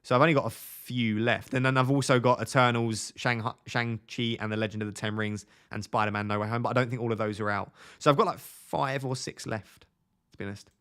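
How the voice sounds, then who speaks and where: Young male streamer, mid-pitched, casual and chatty, answers live chat. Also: fairly even intonation, fairly quick, fairly bright tone, clean tone. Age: 20s. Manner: chatty, reads viewer comments aloud and answers them.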